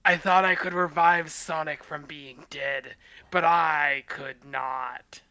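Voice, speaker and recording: A brooding, mopey teenage hedgehog, read by a man in a comedic fan fiction reading. The voice is bright and slow, every line dragged out. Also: fairly high pitch, fairly even intonation. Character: sulky teen male hedgehog, brooding.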